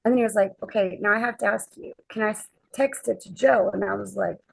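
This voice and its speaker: A woman guest on a chat podcast, telling a lively anecdote and acting out the quoted dialogue. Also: mid-range voice, fast, creaky, no room sound, rough recording. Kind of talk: casual storytelling chat.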